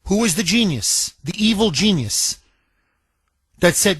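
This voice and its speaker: A man's voice: high-pitched, animated, unhurried, husky, dry recording. A man hosting a talk radio show, speaking with impassioned, indignant emphasis and taking calls. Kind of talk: talk radio monologue and call-in.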